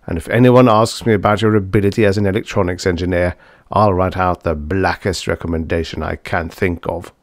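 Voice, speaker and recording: A man voicing a curt, harried supervisor at a rocket field, speaking gruffly and forcefully. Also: sits low, steady tone, fairly quick, no echo, studio quality, lightly acted.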